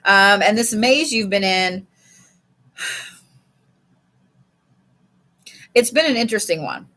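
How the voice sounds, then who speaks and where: A woman's voice: medium pitch, lively intonation, drawn-out words, sharp tone. A woman giving a casual live card reading from home, chatty and swearing freely. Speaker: live tarot reader. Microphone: streaming setup.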